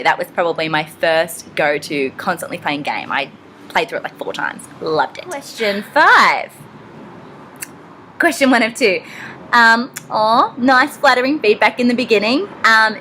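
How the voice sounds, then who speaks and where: A woman's voice: mid-range voice, sharp tone, a little hiss or hum. A young Australian woman with an Australian accent, casually answering fan questions in a rambling, chatty way with lots of ums. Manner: chatty, rambling, frequent ums and self-deprecating asides. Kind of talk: casual Q&A vlog.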